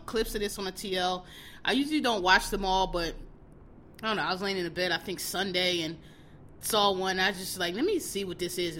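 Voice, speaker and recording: A woman's voice: fairly low pitch, pushed and bright. A woman hosting her podcast alone, talking bluntly and with animation straight to her listeners. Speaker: podcast host. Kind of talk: casual solo commentary.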